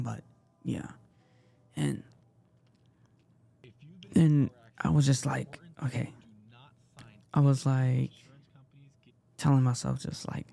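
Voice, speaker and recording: A young man tells a personal story, rambling and emotional, full of "I was like." His voice is gravelly and mellow, dropping soft at times. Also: mid-range voice. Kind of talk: casual confessional storytelling.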